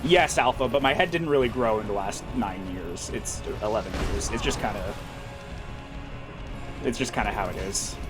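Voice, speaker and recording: A man's voice: fairly low pitch, normal speed. Rambling, wry male streamer over game music. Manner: rambling, profane, wry humor with many fillers. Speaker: livestreamer reading chat. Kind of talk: casual rambling chat while gaming.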